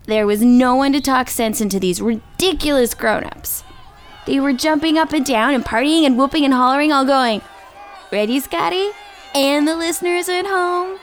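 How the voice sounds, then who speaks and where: A woman telling a children's story with dramatic sound effects and shouted chants. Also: high-pitched. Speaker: guest storyteller.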